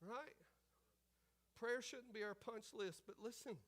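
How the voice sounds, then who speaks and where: A man's voice: very high voice, slow pace, a bit bright. A male pastor preaching a sermon at a church service, repeating key phrases and calling out to the congregation.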